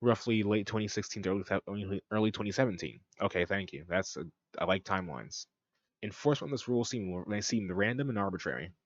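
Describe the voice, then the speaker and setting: Low-voiced man reading and reacting. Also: quick pace, no room sound, muffled recording. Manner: reads aloud then reacts with profane, mocking asides. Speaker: streamer reading and reacting to a document. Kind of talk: casual reaction commentary.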